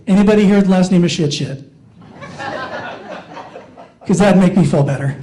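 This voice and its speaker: Middle-aged man, high, light voice, self-deprecating stand-up, works the crowd. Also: steady tone, moderate pace, pauses often, a little mellow. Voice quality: not very masculine voice. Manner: self-mocking, talks with the audience. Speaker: stand-up comedian. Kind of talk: stand-up comedy. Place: playhouse stage.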